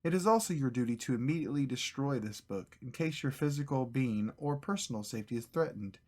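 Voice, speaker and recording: A stern Soviet security official recites his orders in a thick mock Russian accent, as a man puts him on. The voice sits higher and louder than a normal speaking voice, and it stumbles and cracks with laughter as it goes. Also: lively intonation, natural voice. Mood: commanding. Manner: halting, breaks off laughing.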